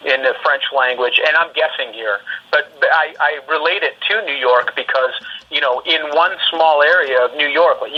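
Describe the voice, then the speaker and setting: Western canadian guy calling into a podcast, kinda raspy bright voice, muffled phone audio, relaxed storytelling. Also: mid-range voice. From British Columbia, Canada. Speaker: podcast guest, musician. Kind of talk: casual podcast chat.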